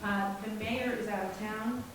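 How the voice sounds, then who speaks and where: A woman city administrator giving an official statement at a council meeting, halting and filler-heavy. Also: medium pitch, steady tone. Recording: distant, echoey chamber with noise.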